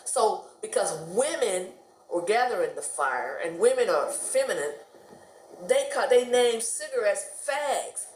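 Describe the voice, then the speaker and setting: A woman's voice: mid-range voice, unhurried, roomy sound. A middle-aged woman from the United States telling stories casually to camera, chatty and laughing often. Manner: chatty, laughs often, animated quoted voices. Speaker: vlogger.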